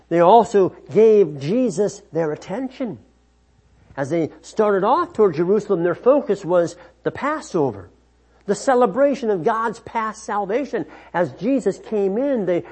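Man, preacher, sermon, slow, animated intonation. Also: high voice, slightly rough. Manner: slow, measured, with frequent restarts.

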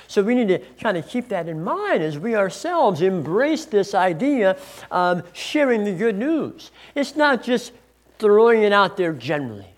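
A middle-aged male pastor gives a teaching sermon at an unhurried, measured pace. He speaks deliberately and stretches out key words to stress them. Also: high-pitched, very animated.

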